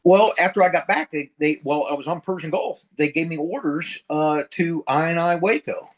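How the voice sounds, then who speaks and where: A man's voice: a little high, moderate pace. Older male veteran guest, plain-spoken and profane, acts out the dialogue. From middle America. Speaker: interview guest, retired Marine sergeant major. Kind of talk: casual storytelling interview.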